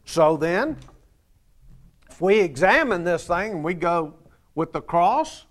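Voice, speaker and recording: High-pitched guy preaching slow, loud points then quiet asides, asks the crowd stuff. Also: lively intonation. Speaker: pastor. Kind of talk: sermon.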